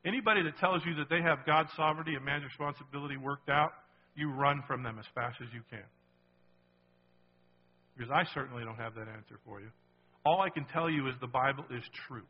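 A man's voice: mid-range voice, husky, long reverb tail, lo-fi sound. A man preaching a sermon as pastor, emphatic and repetitive, often checking in with the congregation.

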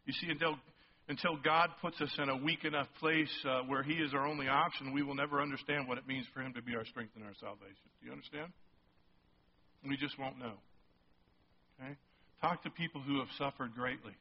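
A male pastor preaching a sermon, emphatic and rising toward near-shouts on key points, often checking in with the congregation. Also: medium pitch, fairly even intonation, a little fast, breathy edge. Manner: asks the congregation frequent check-in questions. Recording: slightly muffled sermon recording.

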